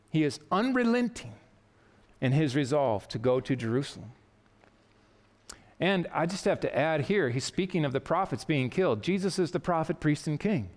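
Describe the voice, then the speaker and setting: A pastor preaching an earnest, emphatic sermon in a church. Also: male voice, on the high side, very animated, moderate pace, long reverb tail. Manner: earnest, emphatic preaching with quotes read aloud. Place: church sanctuary.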